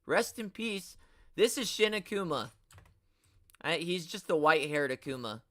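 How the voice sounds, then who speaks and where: A man's voice: a little high, lively intonation, a little slow, pushed and bright, dry recording. A young man hosting a casual live stream, rambling in slangy talk and getting exasperated as he reads and answers chat. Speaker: host of a toy collecting live stream.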